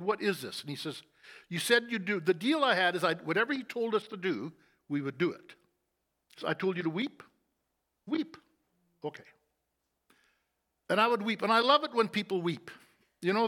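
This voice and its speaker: A middle-aged man telling his story in a sermon, acting out conversations and often dropping to a soft, low voice. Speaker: church leader giving testimony. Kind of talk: sermon testimony.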